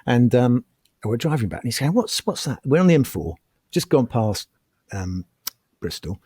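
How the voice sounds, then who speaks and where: A man's voice: medium pitch, normal speed, breathy edge, no echo, clean studio sound. A middle-aged man, telling anecdotes as a podcast guest and acting out the quotes. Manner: animated anecdotes with acted-out quotes. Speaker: podcast guest, former racing driver. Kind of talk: casual storytelling chat.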